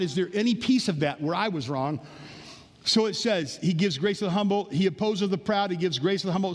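A man's voice: fairly high pitch, long reverb tail. A man preaching a sermon as pastor, telling stories with acted-out quotes and joking with his congregation. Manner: animated storytelling, acting out voices in quotes. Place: church sanctuary.

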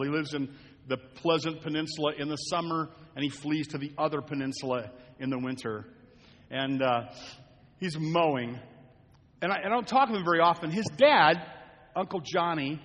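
A man's voice: on the high side, fairly bright tone, in a large hall. An older man, a pastor and grandfather, preaching a sermon in a church, moving between folksy storytelling and fervent appeals to the congregation. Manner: conversational preaching, rising to fervent exhortation. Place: church sanctuary.

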